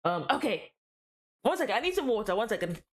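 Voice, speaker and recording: A woman's voice: fairly high pitch, big pitch swings, fast. A woman streaming a game, reading the story aloud and chatting with viewers in a chatty, self-deprecating way.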